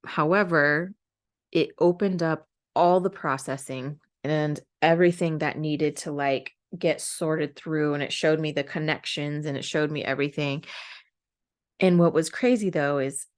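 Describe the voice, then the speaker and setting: Low-voiced woman sharing a personal story. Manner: candid, emotional, rambling with many fillers. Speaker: podcast host.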